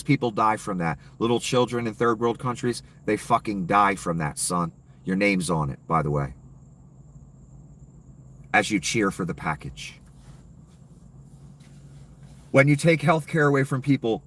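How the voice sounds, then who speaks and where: A man's voice: medium pitch, fairly bright tone, recorded from a distance. A man delivering a heated, profane, sarcastic political rant as a commentator.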